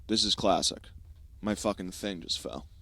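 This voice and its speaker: A young man hosting a podcast, telling a comic story in a profane, animated style and acting out quick asides. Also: low voice, slight background noise. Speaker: podcast host. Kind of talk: comedic storytelling monologue.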